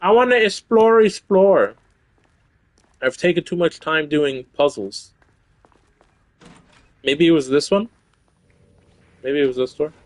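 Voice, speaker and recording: A young man streaming a video game, swearing excitably and reading in-game notes aloud. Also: fairly high pitch, unhurried, pauses often, no room sound. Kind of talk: casual live gameplay commentary.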